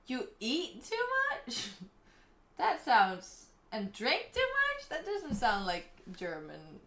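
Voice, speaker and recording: A woman's voice: fairly high pitch, bright, forceful tone. A young woman chatting casually on a live stream, reading chat and laughing often. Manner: giggly, chatty, reads chat aloud. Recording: echoey room.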